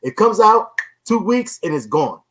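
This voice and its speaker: A man's voice: sits high, very animated, a little slow, fairly bright tone, poor audio. A man hosting a casual podcast chat, emphatic, who keeps checking in with his listeners as he talks. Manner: emphatic, keeps repeating "you know what I'm saying". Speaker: podcast host.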